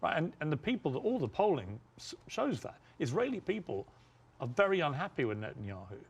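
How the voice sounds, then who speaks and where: A man hosting an interview, stating firm opinions in a measured, assertive way. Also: on the high side, sing-song, gravelly, slightly rough. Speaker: host. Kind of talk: interview debate.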